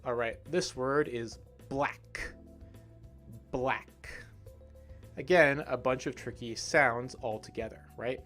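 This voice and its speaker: A man's voice: mid-range voice, fairly bright tone, faint music behind. Man teaching English pronunciation. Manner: slow, clear modelling of words with frequent "right?". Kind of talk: livestream pronunciation lesson.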